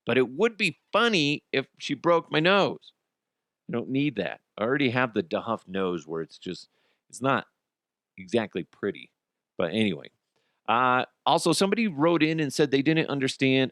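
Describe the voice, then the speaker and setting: Animated man telling comic stories. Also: moderate pace, no room sound, clean studio sound. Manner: animated storyteller, swears, acts out quotes in high voices. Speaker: podcast host. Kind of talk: casual comedic monologue.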